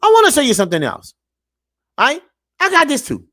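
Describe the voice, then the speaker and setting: A man lectures his audience like a street preacher, and his voice leaps all over its pitch range. Low, muttered asides give way without warning to loud, emphatic shouting. He circles back to repeat his points and keeps calling on listeners to pay attention. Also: huge pitch swings, brisk, dry recording, studio quality. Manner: sermon-like, repeats himself, calls out to the audience. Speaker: online show host reacting to clips. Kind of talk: preachy reaction commentary.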